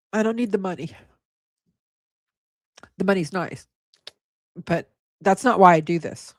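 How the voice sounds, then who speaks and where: A tired, hoarse woman hosting a casual livestream, thanking her viewers and getting emotional, and stumbling over names. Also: mid-range voice, no room sound, studio quality. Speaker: livestream host.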